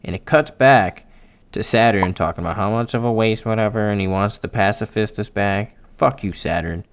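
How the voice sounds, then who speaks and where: A man's voice: lowish voice, normal speed, clear, resonant tone. Hyped, foul-mouthed man reading manga. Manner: excitable, swears a lot, talks straight to viewers. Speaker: anime and manga YouTuber. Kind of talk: casual manga chapter readthrough.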